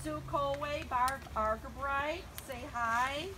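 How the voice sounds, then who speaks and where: Her voice sits high and moves at a slow pace as this older woman nervously thanks family and friends at her book launch party. The talk is casual and chatty, peppered with frequent ums and laughter, and there's background noise behind her.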